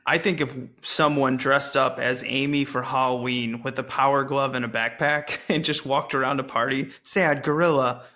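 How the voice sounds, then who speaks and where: A man's voice: mid-range voice, steady tone, normal speed, few pauses, sharp tone. A man hosting a podcast in casual chat, jokey, laughing as he retells movie scenes. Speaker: podcast host.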